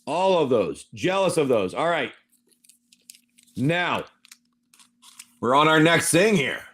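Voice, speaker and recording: A man's voice: on the high side, very animated, slow, fairly bright tone. A man hosting a casual card-opening stream, chatty and rambling, reading card names and telling an adventure story. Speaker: livestream seller opening card packs.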